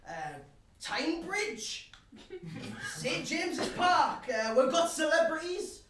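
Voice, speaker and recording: A man's voice: very high voice, lively intonation, slow pace, noisy background, heavily acted. A young man with a Geordie accent acting a brash, crude pub regular in a one-man live stage show, rambling and swearing as he banters cheekily with the audience. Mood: cheeky. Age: young adult. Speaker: stage actor. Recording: roomy stage sound from far off with audience. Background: audience laughing.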